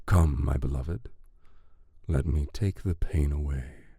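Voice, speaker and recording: A man voicing a menacing immortal male villain who speaks low, silky and commanding in an audiobook. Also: slow, gravelly, mellow, slightly rough, no room sound, clean studio sound, full character voice. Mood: seductive.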